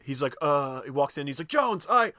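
A man's voice: medium pitch, little pitch movement, brisk, fairly bright tone, dry recording, clean studio sound. A man hosting a podcast, casually retelling a film's scenes and acting out the characters' lines, with frequent swearing. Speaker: podcast host. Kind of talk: casual film recap chat.

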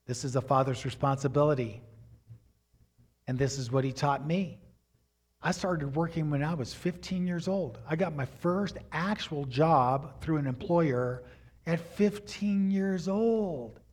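An older man in his sixties preaches, his voice sitting a little high for a man. He tells stories in an animated way and often climbs into loud, excited bursts before dropping back down. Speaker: pastor. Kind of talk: sermon storytelling.

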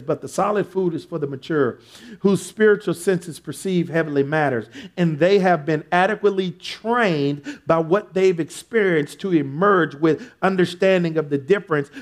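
High-voiced male pastor preaching. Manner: call-and-response preaching, rising to shouts. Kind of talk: sermon.

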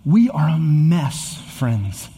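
A man's voice: a little high, sing-song, very slow, dark tone, long reverb tail. A man in his thirties preaching a sermon as a pastor, earnest and building to emphatic repetition. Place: church sanctuary with long reverb.

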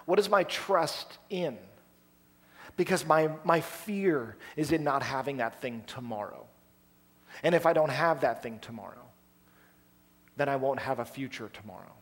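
A man preaching a sermon in a storytelling style, with animated delivery and acted-out quotes. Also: medium pitch, unhurried, pauses often. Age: adult, past college. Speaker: pastor.

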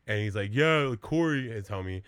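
A man's voice: lowish voice, lively intonation, brisk, fairly bright tone, clear, resonant tone, no room sound, studio quality. A man co-hosting a podcast, telling a rambling, profane anecdote in casual chat with lots of filler words. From born in California, early years in Minnesota. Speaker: podcast co-host.

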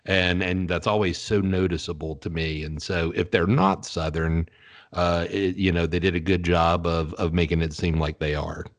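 Deep-voiced chatty man in his fifties. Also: little pitch movement, moderate pace. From American South. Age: 50s. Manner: chatty, opinionated. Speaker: podcast host. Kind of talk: casual interview chat.

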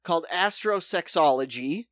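A young man co-hosting a casual podcast, retelling a story with lively acted-out quotes. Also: a little high, moderate pace, dry recording, clean studio sound. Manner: animated storyteller acting out quotes. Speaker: podcast co-host. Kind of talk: casual chat, retelling a true crime show.

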